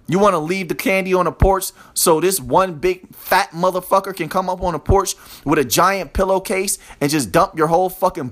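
A man's voice: a little high, fairly bright tone. A man hosting a podcast alone, ranting with constant swearing and mocking sarcasm, talking straight to his listeners. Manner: talks to his listeners directly. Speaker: podcast host. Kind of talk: profane solo rant.

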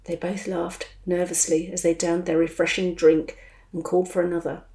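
A woman narrating a story in an even, scripted storytelling reading. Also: fairly low pitch, moderate pace. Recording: roomy echo.

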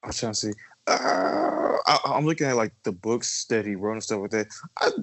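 A man's voice: lowish voice, normal speed, gravelly, low-quality recording. A man in his twenties co-hosting a casual podcast, telling stories animatedly with casual swearing. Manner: animated storyteller, swears casually, lots of fillers. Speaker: podcast co-host.

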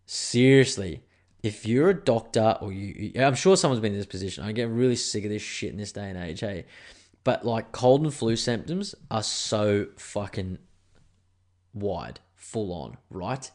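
A man's voice: mid-range voice, expressive, moderate pace, darkish tone. A man with an Australian accent hosting a solo podcast, ranting angrily and swearing as he rambles. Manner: angry, profane, rambling. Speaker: podcast host.

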